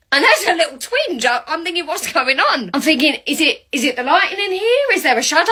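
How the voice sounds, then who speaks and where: Bright, high, animated woman. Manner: animated, laughing storyteller. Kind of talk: storytelling on a podcast.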